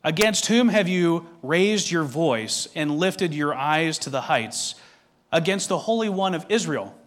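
Pastor guy preaching, kinda high voice, reads scripture then explains it, asks the crowd questions. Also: lively intonation. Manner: measured, asks the listeners direct questions. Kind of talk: sermon.

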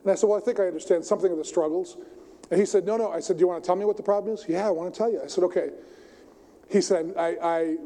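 An older man preaching a sermon, telling stories emphatically and swinging his voice between loud and soft. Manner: storytelling, emphatic, varies pitch and volume widely. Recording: long hall reverb.

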